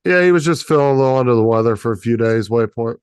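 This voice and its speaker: A man's voice: mid-range voice, lively intonation, quick pace, a little mellow, clear, resonant tone, no echo, clean studio sound. A man hosting a casual livestream chat, laid-back and profane, laughing often as he reads the chat. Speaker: streamer host.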